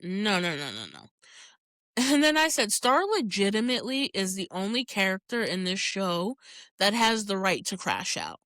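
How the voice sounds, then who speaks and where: A woman hosting a podcast recaps a TV episode casually, candidly and profanely, reacting animatedly and laughing often. Her voice is mid-range at a moderate pace, and the recording is dry with clean studio sound.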